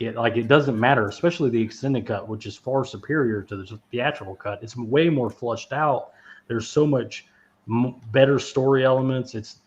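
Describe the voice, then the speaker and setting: A man's voice: mid-range voice, highs cut off. A man co-hosting a casual movie podcast who rambles, swears freely and laughs often as he talks. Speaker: podcast co-host. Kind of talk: casual movie review chat.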